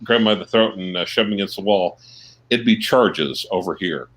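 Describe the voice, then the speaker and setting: A man calls in for a casual chat and makes his case point by point. His voice sits somewhat low. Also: moderate pace, a bit bright. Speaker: caller.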